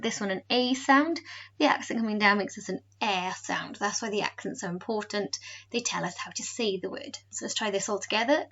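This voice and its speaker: A woman teacher giving a recorded home lesson, slowly modelling words for pupils to repeat. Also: medium pitch, sharp tone, highs cut off. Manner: slow, careful modelling of pronunciation. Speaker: French teacher.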